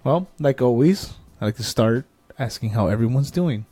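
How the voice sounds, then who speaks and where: Excitable, swearing fan-show host man. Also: mid-range voice, normal speed. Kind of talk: casual fan chat.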